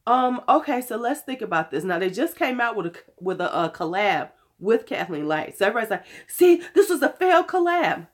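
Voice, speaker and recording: A woman in her fifties talks straight to her viewers in a hoarse voice, since she is under the weather. She is blunt and chatty and swears freely. Her pitch and pace sit in the middle range. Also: lively intonation, brisk, hardly any pauses. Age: 50s. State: hoarse from illness. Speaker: beauty vlogger. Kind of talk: casual chat to camera.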